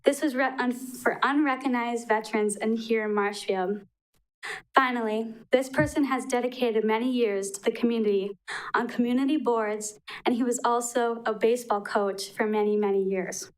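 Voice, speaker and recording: Young woman, higher voice, earnest prepared tribute, slightly emotional, podium mic in a council chamber. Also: fairly even intonation, moderate pace, low-quality recording. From Wisconsin. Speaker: public commenter. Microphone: podium microphone.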